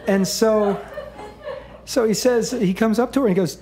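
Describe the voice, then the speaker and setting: A middle-aged man on a live stage telling a rambling comic fairy tale, chuckling through deadpan asides. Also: high-pitched, moderate pace, slight background noise.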